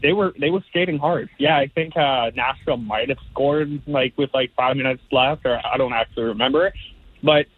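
Young male caller, husky voice, tinny phone-line sound, excited. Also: medium pitch, normal speed, no echo. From Canada. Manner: gushing, rambling. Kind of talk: excited fan phone call.

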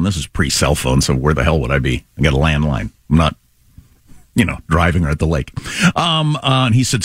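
A man's voice: low-pitched, animated, fast, dry recording, studio quality. A middle-aged man hosting a talk radio show, rambling through stories in a casual, conversational way.

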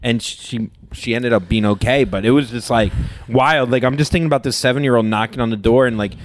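A man's voice: medium pitch, fast talker, slight background noise. A man co-hosting a podcast in casual chat, laid-back, swearing casually and trailing off. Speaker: podcast co-host.

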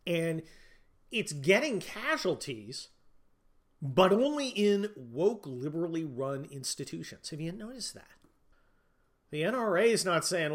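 A man's voice: a little high, lively intonation, measured pace, fairly bright tone. A man hosting a podcast, ranting about politics in a profane, sneering, mocking way. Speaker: podcast host.

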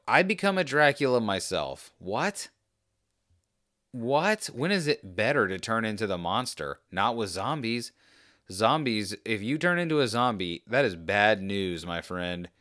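A man's voice: fairly low pitch, fairly bright tone, clear, resonant tone, no echo, studio quality. A man in casual chat, rambling off on tangents with jokey, self-deprecating asides.

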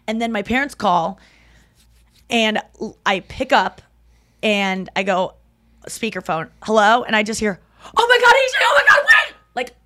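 A woman's voice: mid-range voice, no echo. A woman in her thirties hosting a podcast, telling stories in casual chat and acting out the people she quotes. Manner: animated storytelling, acting out quotes. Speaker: podcast host.

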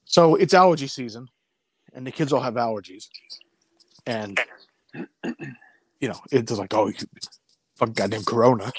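A man co-hosting a podcast, telling a story in a casual, animated way, cursing freely and acting out what people said. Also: medium pitch, unhurried, long pauses, slightly rough, no echo. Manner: animated, profane, acts out voices in his story. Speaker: podcast co-host.

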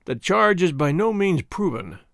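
A man voicing a grave, formal general who speaks deliberately. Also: sits high, big pitch swings, vocal fry, a bit bright, no echo, clean studio sound, full character voice. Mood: stern. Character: stern, measured male general, middle-aged.

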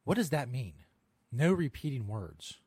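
A man hosts a casual podcast, laughing at his own jokes and dropping swear words as he reads out strange news. His voice sits at an ordinary middle pitch. The sound is dry and close, with almost no room echo. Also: big pitch swings, unhurried, a little mellow, husky. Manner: laughs often, swears, rambling asides. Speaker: podcast host. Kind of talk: casual chat reading odd news.

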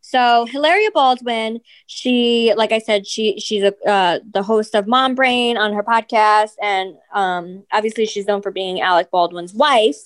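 A woman's voice: mid-range voice, a little slow, few pauses, clear, resonant tone. A woman co-hosting a casual celebrity gossip podcast, chatty and full of fillers, swearing casually. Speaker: podcast co-host.

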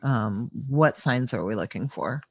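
A man's voice: mid-range voice, expressive, a little slow, husky, no echo. Friendly man hosting, dry sound. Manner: friendly, hesitant with fillers. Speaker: podcast host. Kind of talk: interview hosting.

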